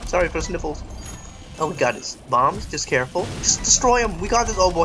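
A woman with a lowish voice rambles through let's play commentary, poking fun at herself as she plays. Her pitch swings widely, and she yells and laughs whenever a fight gets tense. Faint music sits under her voice. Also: big pitch swings, a little fast. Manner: self-mocking. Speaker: gaming channel host.

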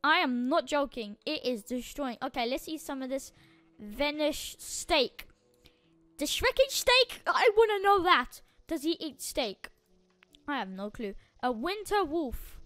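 A woman hosting a gaming channel, giving excitable Minecraft gameplay commentary full of exclamations and urging. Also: high voice, unhurried, no room sound.

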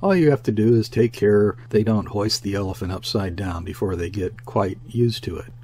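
A man's voice: on the low side, moderate pace, a little mellow, natural voice. A man voicing a stolid, unimaginative sea captain who speaks plainly and matter-of-factly, with a faint hum behind him. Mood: soothing. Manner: plain, matter-of-fact, soothing.

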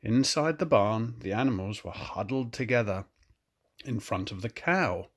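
Slow, lively older grandad reading a storybook. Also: male voice, lowish voice. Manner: gentle, expressive, pointing out pictures. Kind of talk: reading a picture book aloud to children.

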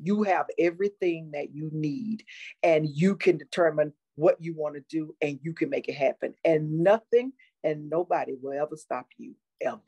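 A woman's voice: low-pitched, moderate pace, dark tone, slightly rough. A woman guest speaking in an encouraging, motivational way during a casual interview.

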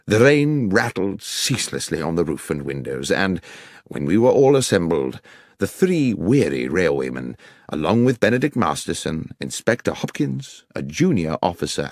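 A man reading an audiobook narration in a measured, expressive storytelling manner. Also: sits low, dry recording, clean studio sound. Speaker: audiobook reader narrating as the doctor companion.

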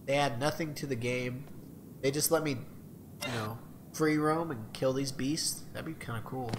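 A man giving casual gameplay commentary, rambling and swearing, with loud mock-taunting outbursts. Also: medium pitch, measured pace, noisy background. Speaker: gamer. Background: loud game music and horse sounds.

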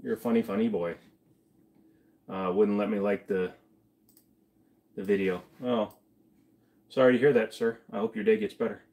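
Low-voiced man chatting on a livestream. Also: fairly even intonation, normal speed, pauses often, a little mellow. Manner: chatty, reads chat aloud, mumbles asides. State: feeling sick to his stomach. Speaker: livestream host. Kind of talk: casual livestream chat.

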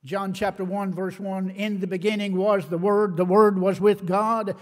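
A man with a notably high voice preaches a sermon, reading scripture in old-fashioned wording. He is emphatic, slowing down to press on key words. His voice rings with the long reverb of a church hall. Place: church sanctuary.

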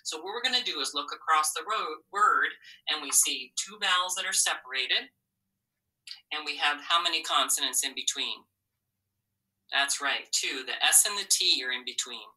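A woman teaching a phonics lesson to children, patient and encouraging, asking questions and pausing for answers. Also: deep voice, lively intonation, pushed and bright, far from the mic, poor audio.

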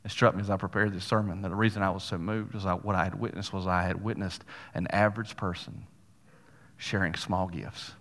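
A man's voice: low voice, level tone, brisk, a bit bright. A male pastor preaching a sermon, telling a story in a folksy way with casual asides to the congregation. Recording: long hall reverb.

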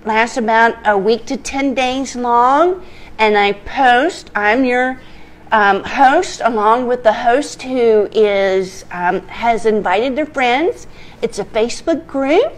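A middle-aged woman hosting a home cooking video from her kitchen, chatty and excitable with frequent ums and giggles. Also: fairly high pitch. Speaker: home cooking show host. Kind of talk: casual cooking chat.

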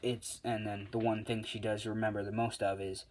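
A man's voice: fairly low pitch, little pitch movement, normal speed, darkish tone. A man casually retelling a fan-made story as a YouTuber, rambling with lots of fillers and self-corrections.

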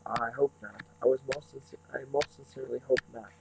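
A man reading a storybook aloud, voicing a smooth, menacing male villain who speaks blandly and condescendingly. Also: mid-range voice, fairly even intonation, darkish tone, natural voice, poor audio. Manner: bland, condescending, slow and patronizing.

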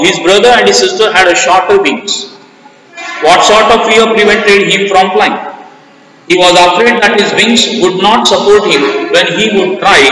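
A high-pitched man with an Indian English accent reads his lesson in a bright, sharp voice. He works through the questions and word meanings one by one in an even, methodical classroom way. He sits far from the mic in a very echoey hall. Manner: methodical, plain classroom reading. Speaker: school English teacher.

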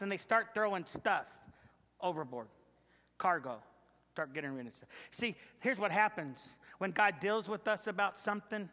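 A man's voice: sits high, pushed and bright. Male pastor, emphatic storytelling sermon, echoey church sanctuary.

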